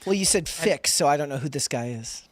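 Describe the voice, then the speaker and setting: A male co-host in a casual panel discussion, making measured points and pushing back dryly. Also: on the high side, expressive, dry recording. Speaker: podcast co-host.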